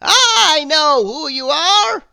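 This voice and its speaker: A stern old wizard who scolds a prankster, as a woman reading a storybook puts him on. He speaks slowly and deliberately, stretching each word, in a voice pitched well above her usual tone. His voice sounds bright and crisp, with the recording dry and close. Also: lively intonation, no echo, full character voice. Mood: accusing. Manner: slow, drawn-out, scolding. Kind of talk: storybook read-aloud.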